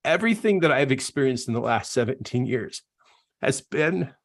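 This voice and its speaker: A man's voice: medium pitch, very animated, moderate pace, vocal fry. A middle-aged man, a coach, giving an earnest, emotional personal testimony in a live online talk and laughing at himself.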